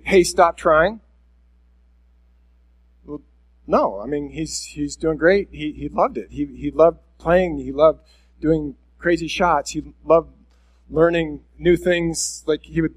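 A man preaching a conversational sermon at a church service, speaking candidly and directly to his listeners with self-deprecating honesty. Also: a little high. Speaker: pastor.

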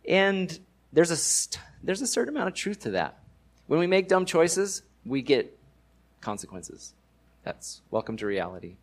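A man preaching a sermon in a casual, conversational way, using everyday slang and rising with emphasis on key points. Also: mid-range voice. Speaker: pastor.

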